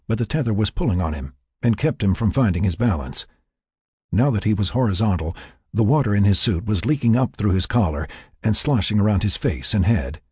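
A man narrating a tense story in a measured, scripted way with a raspy voice. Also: lowish voice, a little mellow, no room sound, studio quality.

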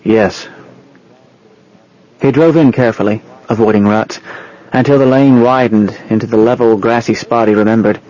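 Male audiobook narrator, steady and even, mid-pitched, lo-fi sound. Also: a little fast. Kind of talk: scripted narration.

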